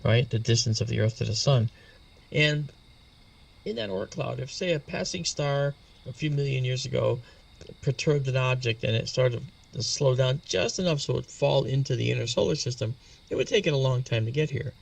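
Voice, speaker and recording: A man's voice: mid-range voice, normal speed, gravelly, distant mic. A man patiently explaining astronomy as a guest in an interview, spelling out terms as he goes.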